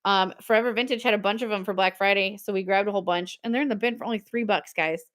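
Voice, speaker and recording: A fortyish woman runs a live-stream sale with easygoing chatter, stories, plenty of laughter and viewer comments read aloud. She talks fast at a medium pitch, with a slightly bright sound.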